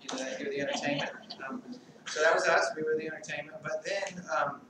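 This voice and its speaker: A middle-aged man giving a memorial speech as a family friend, halting and rambling with light humor and many fillers. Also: fairly high pitch, steady tone. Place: large hall at a memorial service. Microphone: distant mic. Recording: echoey hall, distant mic, background noise.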